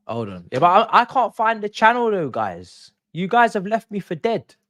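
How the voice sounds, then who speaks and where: A man's voice: sits high, a little slow. A young man hosting a football watchalong, ranting in exasperation in casual stream chat. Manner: exasperated, animated ranting with laughs. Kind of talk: casual live-stream rant.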